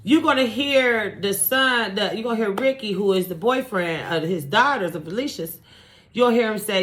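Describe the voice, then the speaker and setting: A woman vlogger telling a true-crime story in a casual, animated, profane way, acting out gunshots with sound effects. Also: medium pitch, normal speed.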